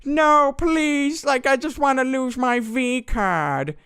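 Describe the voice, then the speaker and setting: A man's voice: extremely high pitch, takes it slowly, fairly bright tone, smooth, no echo, studio quality, voice pushed up, full character voice. A man voicing a creepy, awkward schoolboy who says sleazy pickup lines in a whiny put-on voice. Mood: pleading.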